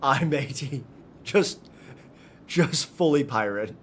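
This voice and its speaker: A man from Michigan with a Michigan accent, chatting with his viewers and reacting loudly while live-streaming a game. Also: medium pitch, lively intonation, takes it slowly, a little hiss or hum. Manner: chatty, joking with chat, loud outbursts.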